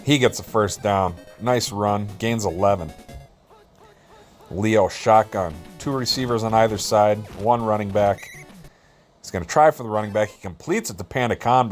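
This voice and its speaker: A man doing relaxed, jokey play-by-play commentary over a video football game, with self-deprecating asides. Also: lowish voice, moderate pace, soft background music.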